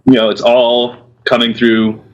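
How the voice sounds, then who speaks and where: A man's voice: medium pitch, unhurried, muffled recording. A young man, a metal singer, chatting casually as a guest and explaining technique with lots of fillers and restarts. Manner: relaxed, many fillers and restarts, laughs easily. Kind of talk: casual chat.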